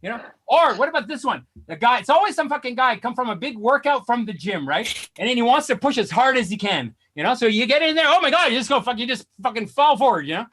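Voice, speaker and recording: A man doing a stand-up set over a video call, ranting in exasperation and rising to outraged shouts. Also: extremely high pitch, expressive, fast talker, hardly any pauses. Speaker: stand-up comedian.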